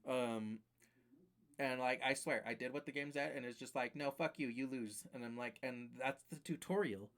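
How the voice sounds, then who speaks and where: A man's voice: medium pitch, moderate pace, fairly bright tone. Profane rambling male streamer. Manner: profane, rambling, exasperated ranting. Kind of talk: casual live-stream chat.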